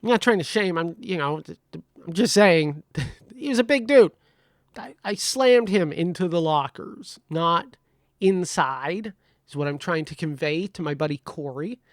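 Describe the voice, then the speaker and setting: A podcast host with a slightly high voice tells a comedic story casually at normal speed, animated and swearing freely as he acts out the dialogue. The sound is clean studio quality with no room sound.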